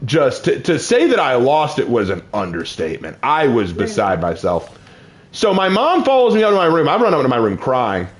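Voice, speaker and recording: A young man casually telling personal stories while playing a game, with excited outbursts. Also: mid-range voice, normal speed. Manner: lively, shifts from calm to excited outbursts. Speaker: gaming channel host.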